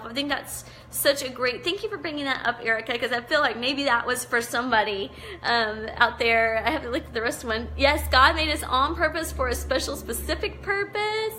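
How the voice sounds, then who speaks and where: A woman's voice: sits high, brisk, hardly any pauses. A middle-aged woman hosting a live devotional chat, reading out viewer comments in an encouraging, chatty way. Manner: warm encouraging, chatty, greets viewers by name. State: teary-eyed. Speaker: online show host.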